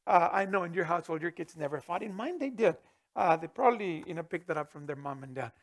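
Male pastor, middle-aged, high voice, sermon, loud then hushed, chuckles. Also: fast. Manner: expressive, swinging from booming to hushed, chuckling asides.

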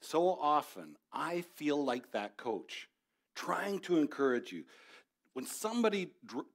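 A man's voice: a little high, very animated, unhurried, vocal fry. A middle-aged man preaching a sermon as a pastor, conversational and building to passionate exhortation.

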